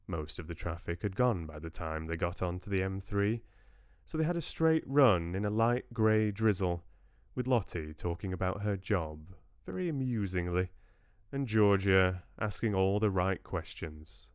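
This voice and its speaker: Low, unhurried male storyteller. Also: clear, resonant tone, dry recording, studio quality. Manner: measured, expressive storytelling. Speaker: book club host reading aloud. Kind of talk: novel read aloud on a livestream.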